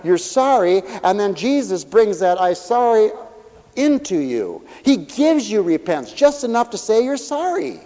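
A man preaching as a pastor, folksy and animated, acting out little voices as he talks. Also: high-pitched, moderate pace, hardly any pauses. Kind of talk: sermon. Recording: dull hall recording with long reverb.

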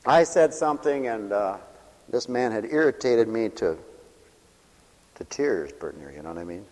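A man preaching a lively sermon who swings from loud cries to quiet mumbles, acting out scenes and laughing often. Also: on the low side, normal speed, long reverb tail. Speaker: pastor.

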